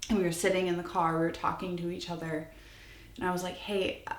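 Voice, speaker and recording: A woman's voice: on the low side, level tone, quick pace. A woman in her twenties telling a personal story on her channel, candid and rambling, with many restarts. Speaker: vlogger. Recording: echoey room.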